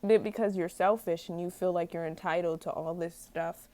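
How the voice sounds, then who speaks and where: A woman's voice: on the low side, steady tone, normal speed, darkish tone, no room sound. A young woman ranting casually to camera, rambling and exasperated, stumbling over words and laughing at herself. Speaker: vlogger.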